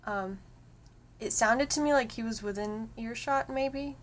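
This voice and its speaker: A woman co-hosting a podcast in casual chat, soft-spoken and easygoing. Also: fairly high pitch, unhurried, a little hiss or hum. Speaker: podcast co-host.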